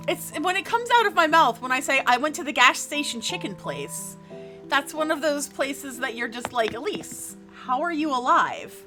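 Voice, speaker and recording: A woman's voice: high voice, expressive, normal speed, pushed and bright, soft background music. A woman from New Jersey streaming live in a casual chat, cursing often and restarting her sentences. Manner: frustrated, swears freely, lots of restarts.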